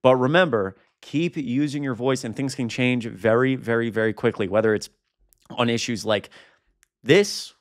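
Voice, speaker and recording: A young man reacting to a protest video as a political commentator, indignant and exasperated. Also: mid-range voice. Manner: indignant, exasperated, quick asides.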